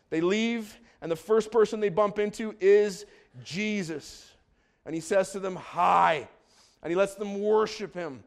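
A man preaching a sermon as pastor, exuberant, with shouted calls to the congregation and joking asides. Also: high-pitched.

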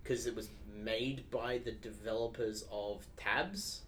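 Low-voiced man explaining calmly. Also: slight background noise. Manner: measured, explanatory, hesitant. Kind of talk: casual chat about games.

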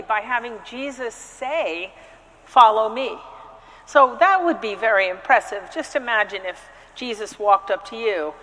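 A woman's voice: fairly high pitch, fairly bright tone, big-room sound, rough recording. A woman priest giving a conversational sermon, telling personal stories with frequent restarts and hesitations. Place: church.

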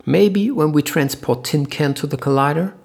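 A man reading the part of a practical female team member, with a husky, gravelly voice. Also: fairly high pitch, moderate pace, darkish tone. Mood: thoughtful.

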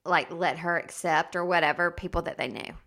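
A woman co-hosting a casual chat who talks in a relaxed, agreeable way and often backs up her partner. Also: on the low side, fairly quick. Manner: relaxed, agreeable, many yeahs and mm-hmms. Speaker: podcast co-host.

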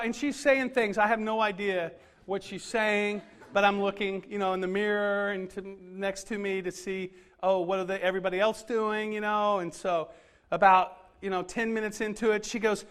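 High-voiced man telling a funny story. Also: fairly even intonation, normal speed, a bit bright, clear, resonant tone. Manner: self-deprecating, conversational storytelling with many fillers. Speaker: pastor. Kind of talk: humorous sermon story.

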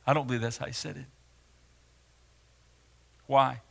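A male pastor preaching a sermon in a dramatic way, swinging from hushed words to loud ones. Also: mid-range voice, fairly even intonation, moderate pace, gravelly, long pauses.

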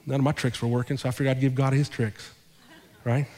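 In a church sanctuary with big-room sound, a male pastor with a medium-pitched voice talks fast as he tells a sermon story. He animatedly acts out the dialogue as he goes.

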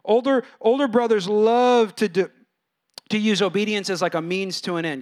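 A man delivers a sermon in a bright, high voice. He is animated and dramatic, pitching his voice up to act out quoted complaints. He sounds like a pastor in his thirties or forties. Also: moderate pace. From California.

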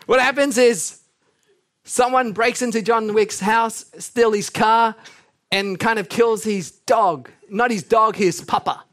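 Measured in pace and pitched high, a man preaches as a pastor. His sermon is earnest yet lively, with humorous asides between points and scripture read out with mounting intensity.

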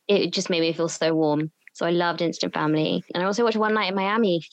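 A woman's voice: fairly low pitch, fairly even intonation, quick pace, dry recording. A woman guest on a casual podcast, gushing with enthusiasm and saying "like" often. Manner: warm, gushing, uses "like" a lot. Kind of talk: casual chat.

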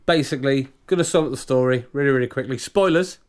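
A man's voice: mid-range voice, quick pace. A British man co-hosting a podcast in casual chat, ranting and often restarting his sentences. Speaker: podcast co-host.

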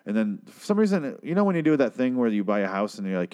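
A man giving a crude, sarcastic recap of a TV episode, tossing in quick asides. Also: mid-range voice, sing-song, darkish tone. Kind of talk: casual profane TV recap.

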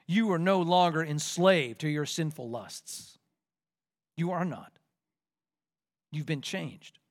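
A pastor delivers a sermon in a fairly high voice for a man. He keeps asking his listeners questions and leans hard into his key points with mounting force. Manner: rhetorical questions, rising to forceful emphasis.

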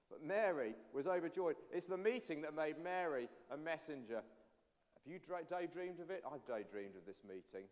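A man, a pastor, giving an animated all-age sermon and addressing the children directly. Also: a little high, moderate pace. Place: church. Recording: long church reverb.

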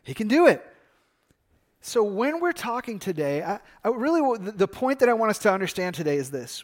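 A man's voice: sits high, very animated, a little fast. A middle-aged man from Michigan, a pastor preaching a sermon in a conversational, storytelling way with frequent fillers and restarts.

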